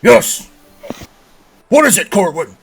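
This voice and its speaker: A man voicing a booming, tall male lord of the manor in a tabletop game, calling out loudly and heartily. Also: big pitch swings, slow, creaky, a crowd in the background, exaggerated voice. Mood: hearty. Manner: loud, hearty calls.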